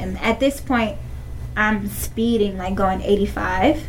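A woman's voice: mid-range voice, fairly even intonation, normal speed, slight background noise, poor audio. A young woman recounting painful events in a casual interview, using "like" often. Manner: casual, heavy use of like, emotional retelling. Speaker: interviewee, victim's partner.

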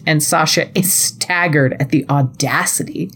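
A young adult woman co-hosting a casual recap podcast, animated and slipping into playful voices for quotes. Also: deep voice, a little slow. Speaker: podcast co-host.

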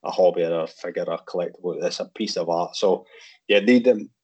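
Deep-voiced Scottish man, laid-back chat. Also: quick pace, darkish tone, husky, highs cut off. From Scotland. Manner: rambling, frequent restarts, laid-back. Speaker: guest, figure customizer. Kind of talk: casual podcast chat.

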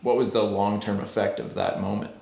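A man's voice: lowish voice, fairly even intonation, brisk, gravelly. A male podcast host chatting casually and asking follow-up questions. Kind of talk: casual chat. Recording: echoey room with crowd noise.

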